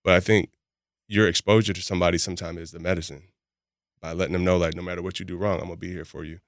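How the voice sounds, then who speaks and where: Male podcast guest, rapid and candid storyteller, deep voice with a dry studio sound. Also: flat delivery, no room sound. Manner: candid, laughs often while telling stories. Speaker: podcast guest, boxing gym founder. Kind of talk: casual storytelling chat.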